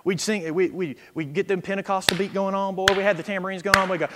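A man preaching a sermon, swinging from quiet asides to loud, emphatic scripture reading. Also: sits high, fairly even intonation, fast, hardly any pauses, noisy background. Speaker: pastor. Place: church sanctuary. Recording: echo with long reverb in a church.

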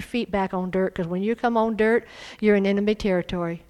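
A middle-aged woman preaching a sermon, fervent and emphatic, swelling into loud exhortation. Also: mid-range voice, fairly even intonation, brisk, few pauses, clean tone, poor audio.

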